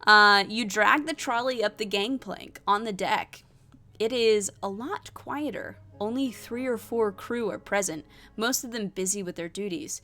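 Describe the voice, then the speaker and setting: A woman plays a solo tabletop adventure, reading the text aloud at a mid pitch. She pauses to think through her choices with hesitant asides. Faint music plays underneath. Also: bright, forceful tone. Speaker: solo tabletop game player.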